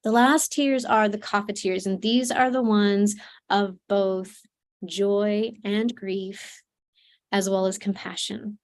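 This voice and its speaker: A woman's voice: medium pitch, fairly even intonation, takes it slowly. A woman presenting an online seminar as a trauma coach, speaking earnestly with fillers and restarts, through a computer mic.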